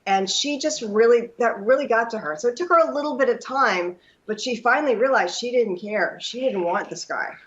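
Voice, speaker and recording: A woman's voice: on the high side, fairly quick, few pauses, a bit bright. A woman tells a story in casual conversation and recounts what others said. Her voice comes through dull, lo-fi audio. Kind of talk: casual chat.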